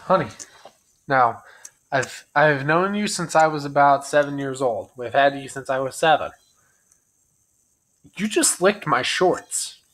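A young man vlogging in a goofy comic way, often yelling and joking loudly. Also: fairly high pitch. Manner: loud, yelling, jokey, swearing. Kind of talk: goofy comedy vlog.

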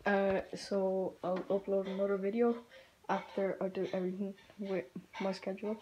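A woman's voice: mid-range voice, flat delivery, moderate pace, dull audio. A woman chatting casually to her viewers in a vlog, rambling and saying "like" a lot. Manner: rambling, says "like" often. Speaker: vlogger. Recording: loud background noise.

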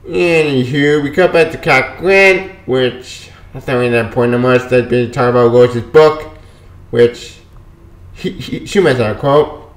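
A man casually reviewing a comic book, dismissive and quick to brush off plot points he doesn't care about. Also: medium pitch, reverberant.

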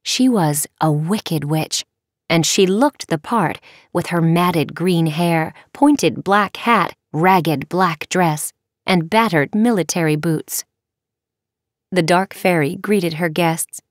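A woman narrating a children's audiobook with expressive, measured storytelling. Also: lowish voice, no room sound, studio quality. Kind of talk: scripted narration.

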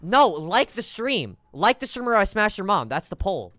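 Excitable high-voiced male streamer. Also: normal speed, no echo. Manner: excitable, joking, teasing the chat, sudden shouts. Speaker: game streamer. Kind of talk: live gameplay stream chat.

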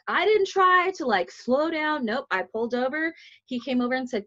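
With fairly quick delivery, lively intonation and a slightly high, fairly bright voice, a young U.S. podcast host spins blunt, profanity-laden stories in a casual conversation. The recording comes through dull and lo-fi.

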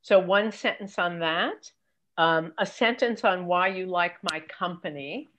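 A woman's voice: fairly bright tone, a little hiss or hum. An older woman, a career coach, giving emphatic, practical advice as a guest in an interview. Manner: brisk, emphatic, mimics pitch emails.

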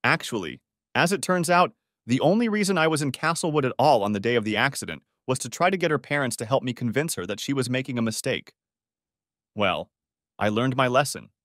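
A man narrating a dramatic story as an audiobook in an expressive storytelling manner. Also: mid-range voice, fairly quick, no room sound, studio quality.

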